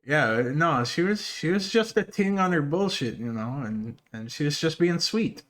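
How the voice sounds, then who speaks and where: Lively Canadian guy. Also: normal speed. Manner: bursts of high laughter, goofy slang imitations. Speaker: podcast co-host. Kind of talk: casual podcast chat.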